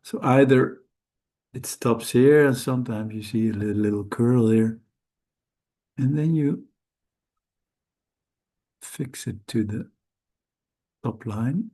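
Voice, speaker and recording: A man whose first language is Dutch, teaching Sanskrit letters in a slow, careful lesson, hesitant and correcting himself often. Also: medium pitch, warm tone. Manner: hesitant, halting, with frequent self-corrections.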